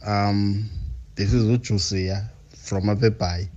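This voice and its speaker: A South African man from Port Elizabeth leaves a voice note for a radio show, stumbling over his words in a hesitant way. His voice sits slightly low. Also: fairly even intonation, darkish tone, muffled recording. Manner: hesitant, halting. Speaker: caller sending a voice note.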